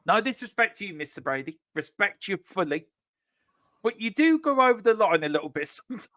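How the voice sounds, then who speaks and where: A man's voice: high voice, big pitch swings, a little fast, sharp tone, dry recording, studio quality. A man hosting a casual live stream, jokey and teasing, reading viewers' chat aloud over a remote call. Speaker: livestream show host.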